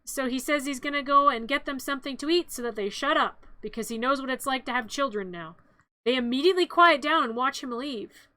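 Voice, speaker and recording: A woman's voice: high voice, a little fast, pushed and bright. A woman streamer narrating a movie in a playful, rambling, chatty way with little quips.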